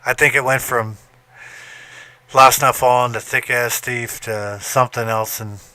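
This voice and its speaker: Middle-aged man, very bright tone, dry close sound, lively casual storyteller, occasional swearing. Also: medium pitch, unhurried, dry recording. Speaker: podcast host. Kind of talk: casual chat.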